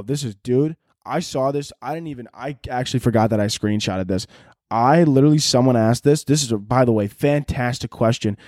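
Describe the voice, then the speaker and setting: A man's voice: medium pitch, brisk, darkish tone, dry recording, studio quality. A young man hosting a solo podcast, rambling and joking crudely in casual chat. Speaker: podcast host.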